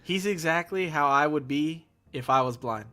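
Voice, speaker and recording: A man's voice: a little high, normal speed, sharp tone, soft background music. A man co-reviewing a comedy film in casual chat, laughing and acting out the lines. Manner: laughing, acts out movie lines. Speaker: guest co-reviewer.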